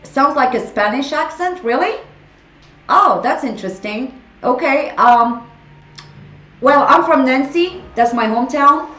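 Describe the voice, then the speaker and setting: This is a high, lively, slightly slow voice, pushed and bright, from a woman in her forties with a French accent. She's from France and casually chats with her live stream audience, playfully teasing viewers by name. The audio sounds reverberant and dull.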